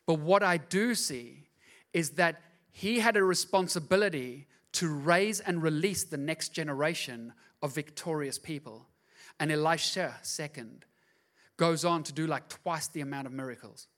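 A man with a fairly high voice preaches a sermon in church. He moves between soft, confiding asides and loud, driving exhortation. He acts out the voices in his stories as he goes. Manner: acts out voices in quoted dialogue. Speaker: pastor. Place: church service.

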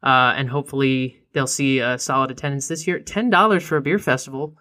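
A young man co-hosts a laid-back beer podcast, chatting casually and filling gaps with ums. His voice is bright and clear. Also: mid-range voice, fairly quick. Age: young adult. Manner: relaxed, frequent filler ums and uhs, laughs easily. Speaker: podcast co-host.

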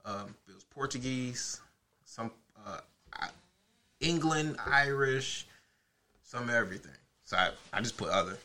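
Young guy w a bright sharp voice, chill, just telling stories. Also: medium pitch, lively intonation, measured pace. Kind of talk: casual group chat.

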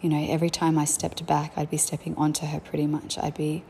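Speaking fast in a completely flat, low voice that's creaky and dark, a young woman shares frank, thoughtful stories about being a mother and her family. Slight background noise can be heard.

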